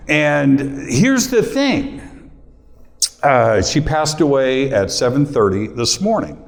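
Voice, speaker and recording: A man's voice: mid-range voice, very animated, slow, vocal fry. A middle-aged male host talking casually and personally to a live audience, choked up and near tears, chatting with the crowd. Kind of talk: casual emotional talk to a room.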